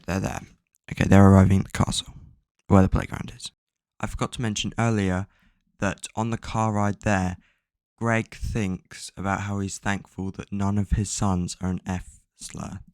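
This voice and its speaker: A man with a lowish, gravelly voice talks through a story recap in a loose, rambling way, swearing often and filling gaps with ums. The sound is dry and close, recorded at home. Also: no room sound. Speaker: book plot summarizer. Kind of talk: casual plot recap. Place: at home, bedroom with a cat.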